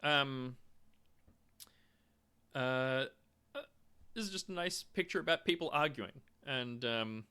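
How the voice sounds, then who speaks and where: A man's voice: mid-range voice, slow, long pauses, bright, forceful tone, clear, resonant tone. A young man giving a casual, self-made explainer talk, hesitant and full of restarts. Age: young adult. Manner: hesitant, lots of ums and restarts. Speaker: video lecturer on theory.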